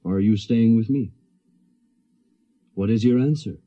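A man's voice: lowish voice, unhurried, warm tone, highs cut off, voice pushed up. A man voicing a cursed werewolf man, pleading. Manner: pleading, rising to anguished cries. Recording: fuzzy 1970s radio recording.

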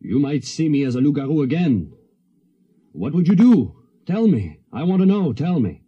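A man voicing a troubled, gentle man cursed to be a werewolf, in an old radio story. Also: on the high side, sing-song, normal speed, slightly rough, muffled recording, pitched above the performer's own voice. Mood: anguished. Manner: pleading, rising to anguished cries. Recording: fuzzy 1970s radio recording.

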